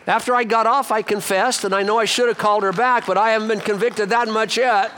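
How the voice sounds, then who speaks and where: A middle-aged man preaching a sermon as pastor, swinging between loud emphatic lines and low quiet asides. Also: fast talker, few pauses. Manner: animated preaching with wide swings of pitch and loudness.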